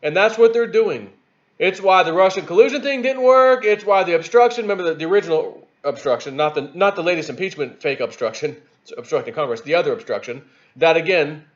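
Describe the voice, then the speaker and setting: A man giving rambling political commentary on his video channel, animated and repeating himself as he talks. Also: fairly high pitch, a little fast, highs cut off. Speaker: YouTube commentator.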